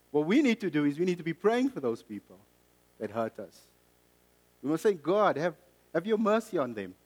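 A man's voice: on the high side, a little mellow, in a large hall, low-quality recording. A middle-aged man from South Africa and Mozambique preaching a sermon, earnest and personal, telling a story with frequent restarts.

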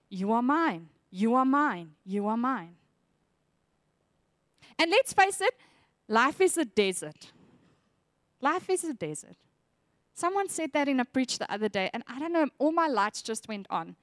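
A woman's voice: sits high, no echo, studio quality. A woman preaching a sermon, earnest and reflective, reading scripture aloud with feeling.

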